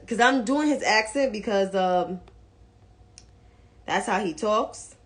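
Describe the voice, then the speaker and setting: A woman's voice: mid-range voice, takes it slowly. A woman giving casual political commentary in a blunt, profane, mocking way.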